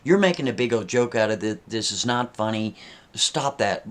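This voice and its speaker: A man's voice: on the low side, expressive, normal speed, lightly acted. A man doing a jumpy, defensive nervous guy. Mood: panicked. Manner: rambling, hesitant, with stammered restarts.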